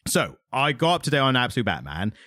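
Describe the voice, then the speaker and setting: A man co-hosting a casual comics podcast, retelling plots in an animated, jokey way. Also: medium pitch, quick pace, dry recording, clean studio sound. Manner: animated, jokey storytelling with restarts. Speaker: podcast co-host. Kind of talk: casual chat about comics.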